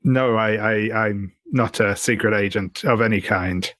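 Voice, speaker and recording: Fidgety stammering male camper, put on by a man; polite, lifted pitch, dry close mic. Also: a little slow, a bit bright, no room sound. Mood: flustered. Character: flustered male camper in scout-style khakis.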